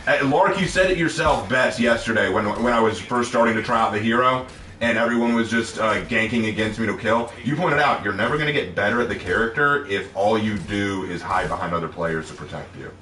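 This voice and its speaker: A man's voice: on the low side, brisk, fairly bright tone. A man streaming a video game, chatting casually and ranting animatedly about other players. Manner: rants animatedly, exclaims. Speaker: gaming streamer. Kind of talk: casual gameplay chat. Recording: roomy, distant mic with faint noise.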